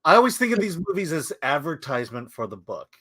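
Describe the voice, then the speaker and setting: A man's voice: a little high, very animated, fast talker, crowd noise. A man co-hosting a film podcast in casual chat, mostly chiming in with short agreements. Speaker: podcast co-host.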